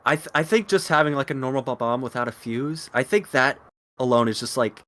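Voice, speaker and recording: A man chatting casually on a podcast, halting and stumbling over his words. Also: medium pitch, fairly bright tone. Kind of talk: casual chat.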